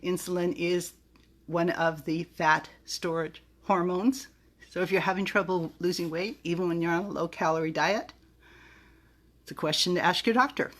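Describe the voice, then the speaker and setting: A bubbly middle-aged woman talks straight to camera in a chatty, giggly way, often tripping over hard words. Her voice sits a little low, and she sounds open and unscripted. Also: steady tone, moderate pace, fairly bright tone. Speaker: vlogger reviewing vitamins. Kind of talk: casual talk to camera.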